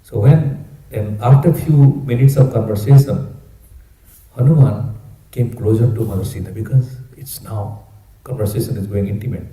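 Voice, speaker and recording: A man preaches in a lively, conversational way, his voice very dark and mellow. He is in a roomy hall with a clear echo. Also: on the low side, moderate pace. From India. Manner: animated, conversational. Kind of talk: storytelling sermon.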